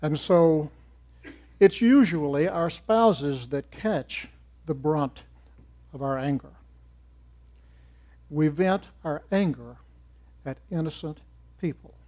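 A man giving a sermon in church, swinging from loud emphatic rises to soft trailing endings. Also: fairly high pitch. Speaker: church speaker. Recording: muffled lo-fi recording.

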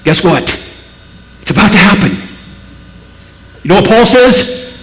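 A pastor from Missouri preaching a sermon to his church, emphatic, swinging between loud peaks and low, slow passages. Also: expressive, echoey room, poor audio. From Missouri, USA. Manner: emphatic, rising to near-shouted peaks, then dropping low and slow.

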